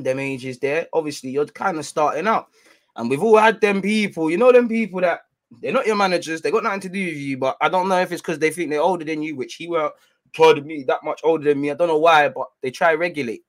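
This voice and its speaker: A man telling a rambling, slang-heavy anecdote in a casual, animated way with many restarts. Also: a little high. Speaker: storyteller.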